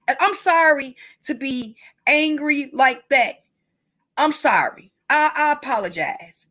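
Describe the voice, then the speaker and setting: A woman's voice: sits high, a bit bright. Angry, profane true crime commentator woman. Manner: emotional, profane, repeats herself for emphasis.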